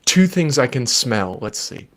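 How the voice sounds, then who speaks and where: A man who is a child therapist and podcast host, giving patient, gentle advice in a live Q&A from his desk at home. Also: medium pitch, very animated, unhurried. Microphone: desk microphone.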